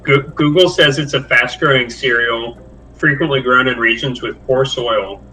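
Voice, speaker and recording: Casting: a very bright-voiced male player, heard from a distance with faint noise. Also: medium pitch, moderate pace. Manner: plain, questioning. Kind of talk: casual tabletop game chat.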